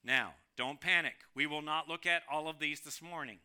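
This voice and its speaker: A man with a high, very bright and clean voice preaches a sermon. He swings between emphatic, louder stretches and sudden quiet drops. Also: moderate pace, smooth. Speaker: pastor.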